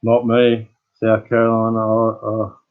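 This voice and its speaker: A man's voice: lowish voice, monotone, measured pace, narrow, tinny audio. An Australian man hosting his channel, chatting casually with live viewers as a rambling, laid-back storyteller. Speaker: channel host.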